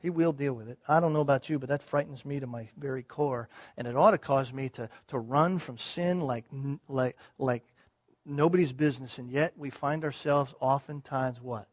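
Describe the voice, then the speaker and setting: A man preaching a sermon, moving from quiet, measured teaching to loud, rising passages, with repeated phrases and rhetorical questions. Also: mid-range voice, no room sound. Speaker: pastor.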